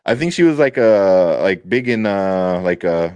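A man's voice: sits low, expressive, measured pace, a little mellow, clean tone, dry recording. Profane, ranting man with a dry, close sound. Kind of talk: casual chat.

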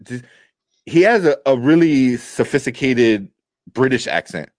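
A man's voice: medium pitch, lively intonation, unhurried, no echo, studio quality. A man co-hosting a podcast, chatting loosely at a desk mic, swearing freely and laughing often. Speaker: podcast co-host. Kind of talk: casual chat.

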